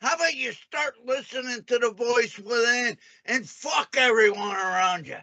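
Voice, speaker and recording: High bright-voiced guy yelling and cussing in an argument, keeps cutting in. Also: moderate pace. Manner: aggressive, swearing, repeated "hey, hey" interruptions. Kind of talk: heated argument.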